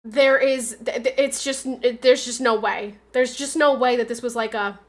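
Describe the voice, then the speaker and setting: A woman's voice: a little high, steady tone, moderate pace. A woman livestreaming from home in a casual chat, arguing back at her chat with emphatic, insistent points.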